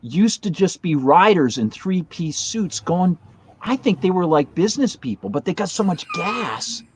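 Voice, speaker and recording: A man's voice: sits high, huge pitch swings, unhurried, breathy edge. A man in his fifties, a podcast guest telling a long story in a casual, rambling way, with restarts and chuckles along the way.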